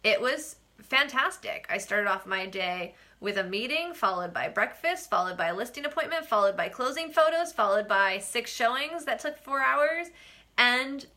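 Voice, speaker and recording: Bright-voiced woman vlogging live. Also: fairly high pitch, normal speed. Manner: chatty, animated, laughs often, acts out quoted exchanges. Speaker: real estate agent and vlog host. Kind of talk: casual live-stream vlog.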